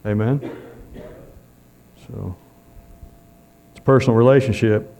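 Gravelly preacher man. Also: medium pitch, steady tone, a little slow, pauses often, mellow. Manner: folksy, calls out amen often. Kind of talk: sermon.

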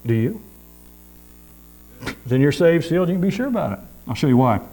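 A man's voice: a little high, sing-song, a little fast, mellow, a little hiss or hum, low-quality recording. A man preaching a sermon in a folksy, repetitive way, with frequent amens.

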